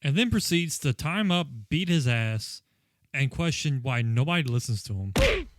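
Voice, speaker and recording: A man co-hosts a podcast, dryly mocking a cheesy training video. He swears freely. His pitch moves around a lot, and the recording is close and dry. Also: huge pitch swings, moderate pace, no echo. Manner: sarcastic, profane, mimics characters. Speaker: podcast co-host. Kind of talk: casual movie-riffing chat.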